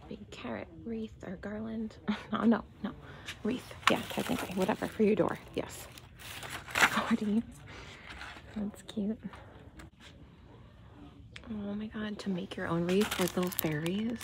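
A woman filming a casual shopping vlog. She talks from her car, then murmurs half-whispered comments as she browses a quiet store. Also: medium pitch, fairly even intonation, a little slow, vocal fry, long pauses, background noise. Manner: chatty, gushing over cute finds. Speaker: shopping vlogger.

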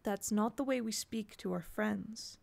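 A woman reading aloud, voicing a smooth, falsely charming grown woman with a bright, sweet manner that turns cold and tight. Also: on the high side, lively intonation, normal speed. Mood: coldly stern.

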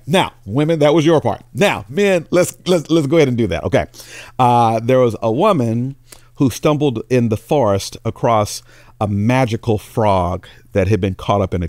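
A male pastor giving a sermon, telling jokes and storytelling with big jumps in his voice. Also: no room sound. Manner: animated storytelling, voice jumps high for characters.

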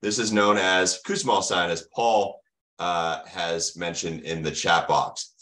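A man's voice: sits low, steady tone, takes it slowly, fairly bright tone. A middle-aged American man giving an online medical lecture, asking the audience questions and answering them himself with teacherly enthusiasm. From United States.

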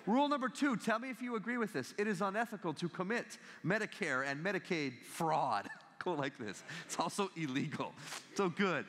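A man in his thirties gives a lively, comic talk to a university audience. His fairly high voice swoops up and down as he tells stories and laughs along. A long hall reverb trails each phrase. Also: normal speed. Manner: animated storytelling with frequent laughter. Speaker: guest speaker. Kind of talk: humorous motivational talk. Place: large university lecture hall.

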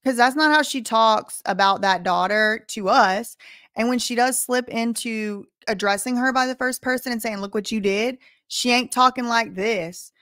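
A woman's voice: fairly high pitch, moderate pace, a bit bright, dry recording. Woman doing skeptical live-stream commentary, dry close sound, mocking doubtful claims.

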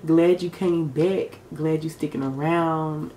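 A young beauty vlogger chats casually to her camera in a room lit for filming, speaking slowly in a deep, steady, dark voice. She's sassy, heavy on slang, and sometimes emotional. The camera mic picks up a roomy sound with slight background noise.

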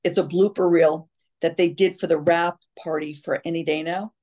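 Animated storytelling actress, low-ish voice. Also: female voice, normal speed. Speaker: actress, interview guest. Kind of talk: casual chat.

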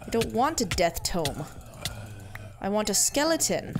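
A woman's voice: medium pitch, sing-song, a little slow, music in the background. A woman giving casual gameplay commentary, muttering to herself in a playful, easily amused way. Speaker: let's-play gamer.

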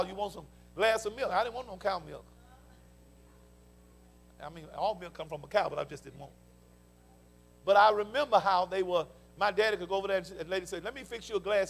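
An older pastor with a Southern US accent, preaching a fervent sermon with folksy stories and call-and-response interjections. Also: male voice, sits high, fairly quick, creaky. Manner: folksy storytelling. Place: church sanctuary.

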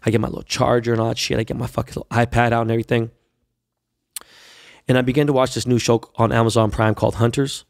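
Man, podcast host, gravelly voice, dry close sound, profane animated storytelling. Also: medium pitch, fast, no room sound. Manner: profane, animated retelling with quoted dialogue. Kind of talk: casual storytelling monologue.

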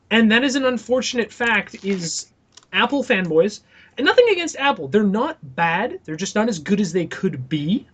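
Young male podcast co-host, high-pitched, launches into animated, profanity-laced rants about gadgets and fans. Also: moderate pace, breathy edge. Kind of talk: casual podcast chat.

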